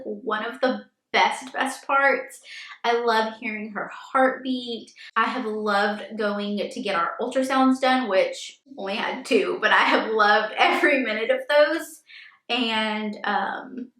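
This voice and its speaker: A woman in her thirties chats through a casual question-and-answer vlog with a slightly raised pitch. Her talk is loose and rambling, peppered with "like" and "um". The room around her rings with a noticeable echo. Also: steady tone, unhurried, fairly bright tone. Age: 30s. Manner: chatty, filler-heavy with frequent "like". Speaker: vlogger and first-time mom. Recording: echoey room.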